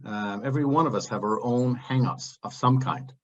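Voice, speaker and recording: A man's voice: medium pitch, normal speed, highs cut off. A man speaking as a panelist in a heated open discussion, blunt and impassioned, drifting into digressions.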